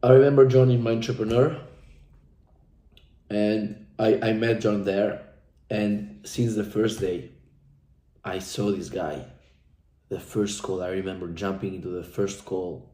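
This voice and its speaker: Young man, dark mellow tone, fervent repetitive testimonial, echoey room. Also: lowish voice, fairly even intonation, a little slow, pauses often. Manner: intense, profane, repetitive, speaks from the heart. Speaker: coaching client giving a testimonial. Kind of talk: emotional motivational testimonial.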